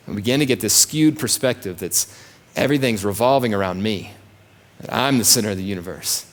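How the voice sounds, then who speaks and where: A man's voice: fairly low pitch, a little fast, a bit bright. A man preaching a sermon as pastor, emphatic and repetitive, sometimes acting out complaining voices. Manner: emphatic, repeats phrases, acts out grumbling voices.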